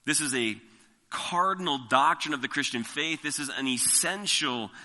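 A man preaching an expository sermon, reading scripture slowly and with emphasis, then explaining it verse by verse. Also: a little high, sharp tone, big-room sound. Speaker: pastor.

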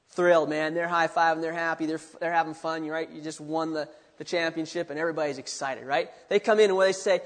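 A man preaching a sermon, animated, acting out quotes with sudden bursts of excitement. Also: a little high, in a large hall.

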